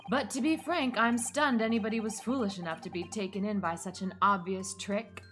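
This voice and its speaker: A woman voicing a smug, scheming male French swindler with a put-on French accent, speaking in a theatrical, drawn-out way. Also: mid-range voice, a bit bright, faint music behind, close to an everyday voice. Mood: boastful. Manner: theatrical, drawn-out, self-satisfied. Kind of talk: reading game dialogue aloud on stream.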